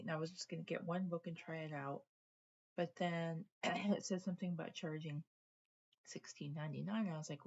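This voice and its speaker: In a muffled recording, a book vlogger in her forties talks at normal speed in a lowish, creaky and slightly rough voice. Her casual home-vlog chat is rambling and chatty, drifting off on tangents.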